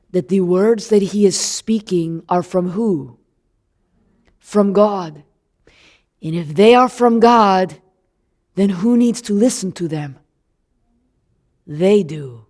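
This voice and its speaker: A woman performing a first-person Bible monologue as a man born blind, telling his story in an animated, conversational way with asides to the listener. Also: medium pitch. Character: man born blind, newly sighted, earnest and indignant.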